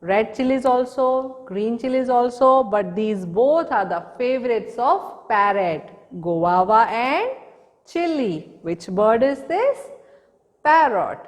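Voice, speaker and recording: A woman's voice: fairly high pitch, animated, slow, long reverb tail. A woman teaching a recorded lesson to small children, patiently asking questions and repeating the answers. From India. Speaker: preschool teacher.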